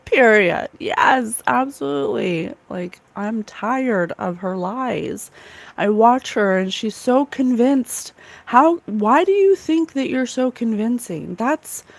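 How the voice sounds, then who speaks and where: A woman runs a casual spiritual livestream, speaking slowly and earnestly. She talks straight to her viewers, with emotion close to the surface. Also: mid-range voice, a little mellow. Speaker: psychic livestream host.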